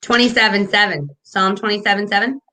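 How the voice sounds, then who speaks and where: A woman's voice: medium pitch, steady tone, brisk, pushed and bright, a little hiss or hum. A woman hosting a casual morning livestream, chatty and rambling with lots of fillers and restarts. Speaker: morning show host.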